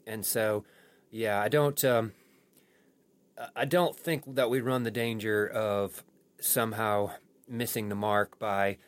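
A man who is a pastor, talking through a sermon on a podcast in a thoughtful way with frequent restarts. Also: medium pitch. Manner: thoughtful, halting with many restarts. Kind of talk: post-sermon podcast discussion.

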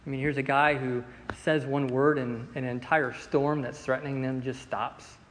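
A man teaching a Bible study class in a relaxed, conversational way, with many fillers and restarts. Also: mid-range voice, normal speed, in a large hall, poor audio. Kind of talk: casual Bible lesson.

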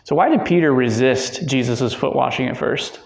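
A man's voice: mid-range voice, normal speed, creaky. A man leading a Bible study discussion, talking conversationally with fillers and self-corrections. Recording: echoey room.

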